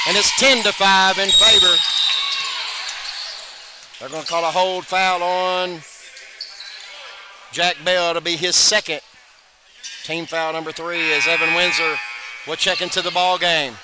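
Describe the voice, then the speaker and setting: This male play-by-play announcer has a high-pitched voice and is calling live basketball. His calls come quickly, breaking into bursts of excitement on made shots, while gym noise fills the background.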